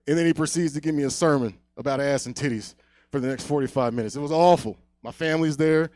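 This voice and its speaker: A young man doing a stand-up set on a comedy club stage, telling a long story, often dropping to a hush, then getting loud again. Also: on the high side, quick pace, no echo. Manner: loose storytelling, swings loud and quiet.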